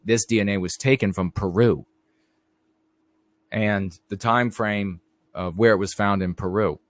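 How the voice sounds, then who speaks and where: A middle-aged man hosting a live stream, telling rambling stories in a casual monologue and talking straight to his viewers. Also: fairly low pitch. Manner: rambling storyteller, addresses viewers directly.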